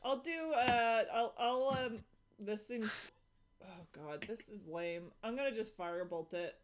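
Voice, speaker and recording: A woman's voice: mid-range voice, a little slow, background noise. A woman playing a tabletop game in casual chat, giggly and hesitant as she decides her moves. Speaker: player.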